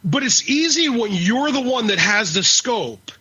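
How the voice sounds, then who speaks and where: A man's voice: very high-pitched, very animated, measured pace, sharp tone, slightly rough. A man from the northern US co-hosting a podcast, ranting in casual, profane chat. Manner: ranting, heavy swearing. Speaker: podcast co-host. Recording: dull lo-fi podcast audio.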